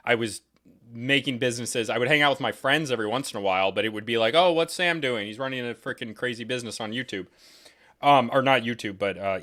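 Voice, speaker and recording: A man hosting a podcast, talking in a rambling, animated way with frequent restarts and digressions. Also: medium pitch. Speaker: podcast host. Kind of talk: casual podcast conversation.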